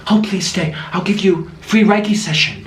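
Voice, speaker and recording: A man voicing an eccentric middle-aged German woman healer who pleads in a fluttering, high voice. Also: expressive, normal speed, roomy sound, background noise. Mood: pleading.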